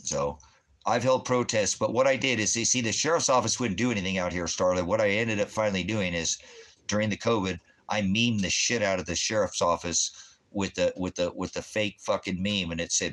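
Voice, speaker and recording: A man's voice: low voice, fairly quick, fairly bright tone. A man ranting in a rambling, heavily profane monologue as the host of his own channel. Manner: swears heavily, rambling, laughs often.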